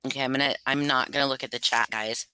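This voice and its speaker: A woman chats casually with her livestream viewers, rambling and self-conscious, full of fillers. Her voice is low but bright and forward. The tone is smooth and crisp. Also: steady tone, quick pace, no room sound. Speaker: livestream host reading stories.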